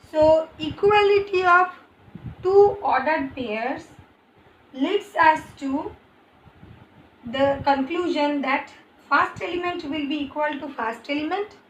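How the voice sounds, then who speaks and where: A woman with an Indian English accent teaching a math lesson, explaining slowly and repeating and rephrasing each point. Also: high-pitched, fairly bright tone. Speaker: maths teacher. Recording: echoey room, faint ambient noise.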